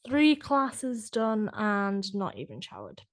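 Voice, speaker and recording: An English woman co-hosting a casual podcast, quick to agree and self-deprecating. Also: mid-range voice, big pitch swings. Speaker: podcast co-host, fitness instructor. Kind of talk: casual chat.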